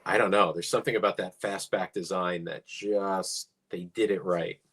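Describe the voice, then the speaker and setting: A man's voice: sits low, steady tone, normal speed, fairly bright tone, slightly rough. A middle-aged man co-hosting a casual car chat, musing with dry humor. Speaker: podcast co-host.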